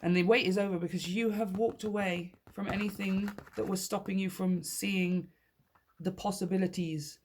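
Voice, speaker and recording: A woman's voice: medium pitch, fairly even intonation, normal speed, darkish tone, slight background noise. A woman giving a casual tarot reading to her viewers, upbeat and encouraging, often laughing and repeating key phrases for emphasis. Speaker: tarot reader.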